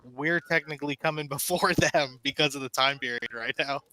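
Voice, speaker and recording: Man, roleplay chat, bright voice, smooth clear tone, casual, filler-heavy. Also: mid-range voice, brisk. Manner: casual, laughs easily, loose filler-heavy talk. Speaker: roleplay player.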